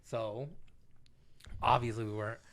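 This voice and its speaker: Here a young podcast co-host tells a story in easygoing chat, his voice medium-pitched and his pace measured. Animated and loose with profanity, he voices the people he's quoting.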